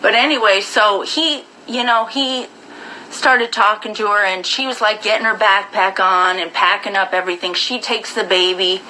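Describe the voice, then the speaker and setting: Bright, blunt-talking woman streamer. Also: medium pitch, moderate pace, a little hiss or hum, poor audio. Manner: blunt, profane, animated retelling. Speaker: live-stream host. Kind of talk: casual storytelling to viewers.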